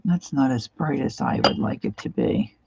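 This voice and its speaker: An art livestream host, a middle-aged Pennsylvania woman with a Pennsylvania accent, chats and rambles casually while painting, slipping in warmly nostalgic asides. Her gravelly voice is extremely low, swooping wildly in pitch at a moderate pace. The recording is muffled, with a noisy background.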